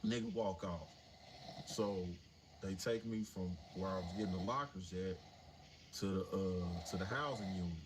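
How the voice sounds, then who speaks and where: A man's voice: sits low, normal speed. A man in his forties telling a story casually and animatedly on a livestream, swearing freely. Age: 40s. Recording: noisy livestream audio.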